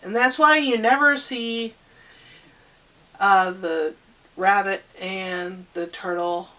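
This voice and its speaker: Slow rambling woman telling a kids' story. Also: mid-range voice, fairly bright tone, distant mic. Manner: rambling, halting, with many fillers and restarts. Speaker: storyteller on a children's show. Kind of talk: improvised storytelling for children.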